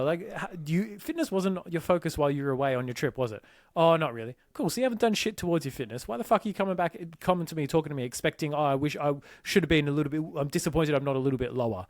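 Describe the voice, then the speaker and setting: A man's voice: on the high side, animated, very fast, no echo, clean studio sound. A man co-hosting a fitness podcast, telling client stories in heated, swearing casual chat. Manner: fiery, swears, mimics clients in quoted asides. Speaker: podcast co-host, fitness coach.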